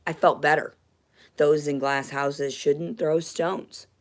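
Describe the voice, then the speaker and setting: A woman ranting angrily on a livestream in a dim house, swearing and agitated, with sudden loud outbursts into a phone. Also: deep voice, fairly even intonation, slow. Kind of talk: angry livestream rant.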